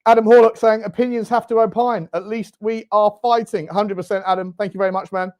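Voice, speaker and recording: A young man hosting a live football watchalong, reacting loudly, swearing and shouting at the game. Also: sits high, steady tone, brisk, hardly any pauses. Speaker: fan channel host. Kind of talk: live match watchalong commentary.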